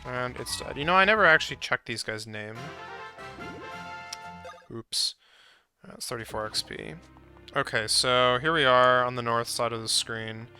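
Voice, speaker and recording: A man walks listeners through a video game in a chatty, playful way, describing what is on screen as he goes. His voice is very bright and forward, at an ordinary male pitch. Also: unhurried, long pauses, faint music behind. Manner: playful and chatty, with frequent laughs. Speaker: streamer narrating gameplay. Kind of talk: casual, descriptive playthrough narration.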